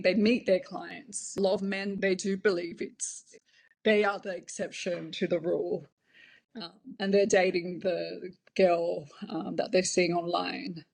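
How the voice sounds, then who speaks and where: A woman talking candidly as an interview guest, telling her stories openly. Her voice sits at a middle pitch and her delivery is relaxed and conversational, with hesitant fillers along the way. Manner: frank, laughs now and then, hesitant fillers. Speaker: interview guest, former cam model.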